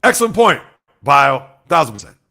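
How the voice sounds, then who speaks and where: Male sports livestream host, slightly high and gravelly, animated, chats with viewers and jumps from loud bursts to low asides. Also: normal speed. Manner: animated, swings from loud outbursts to quiet asides; talks straight to chat, reads out viewer comments. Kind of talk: casual livestream chat with viewers.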